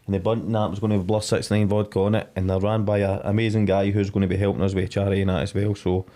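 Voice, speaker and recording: A man's voice: fairly low pitch, level tone, racing, dark tone. A Scottish man co-hosting a podcast, telling rambling, sweary anecdotes in casual banter. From Scotland. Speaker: podcast co-host.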